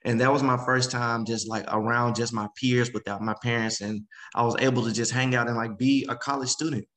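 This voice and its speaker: Animated man telling his story. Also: mid-range voice, a little fast, poor audio. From Memphis, Tennessee. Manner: animated, acts out quoted voices. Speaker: guest speaker. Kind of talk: casual interview storytelling.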